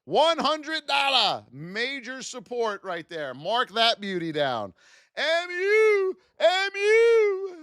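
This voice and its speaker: Animated high-voiced trading streamer man. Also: slow, smooth, no room sound, studio quality. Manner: energetic, hype-filled, sing-song. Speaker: trading livestream host. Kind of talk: live market commentary.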